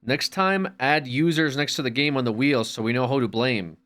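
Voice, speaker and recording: Male streamer, casual banter, reads chat aloud over loud game music, mid-pitched voice. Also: normal speed. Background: loud background music.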